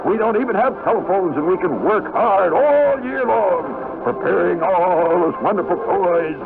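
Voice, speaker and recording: A man voicing a cheerful old male Santa Claus on the radio, with hearty ho-ho laughs and a drawn-out sing-song delivery. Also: sits high, animated, gravelly, over music, voice pushed up, exaggerated voice. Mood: jolly. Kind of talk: 1970s radio character voice. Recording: tinny lo-fi 1970s radio broadcast.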